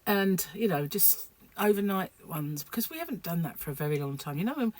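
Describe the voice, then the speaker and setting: Sleepy lady chatting to her camera at home, lowish voice, lots of ums and trailing off. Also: lively intonation, a little fast, darkish tone. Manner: rambling, chatty, many fillers. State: sleep-deprived. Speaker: vlogger. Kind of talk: casual chat to camera.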